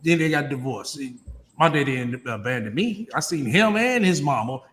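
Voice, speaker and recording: A man's voice: fairly high pitch, expressive, moderate pace, a bit bright. A man hosting a casual commentary chat, blunt and profane, talking emphatically. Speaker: channel host.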